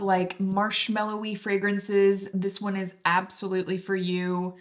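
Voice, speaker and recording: A young woman talking casually and enthusiastically about her favorite products, full of fillers like "like". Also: medium pitch. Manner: chatty, filler-heavy, enthusiastic. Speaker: beauty vlogger.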